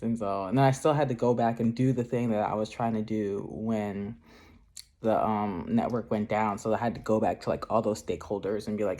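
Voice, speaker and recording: A man's voice: on the low side, fairly even intonation, a little fast, darkish tone. A man chatting casually in a craft vlog, rambling with many filler words and frequent laughs. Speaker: craft vlogger.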